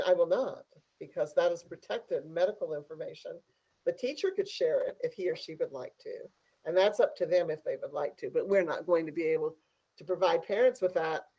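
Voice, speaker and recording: A district leader talks at a virtual board meeting over a video call. The delivery is measured and halting, with many fillers, in a voice of middling pitch. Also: darkish tone, rough recording.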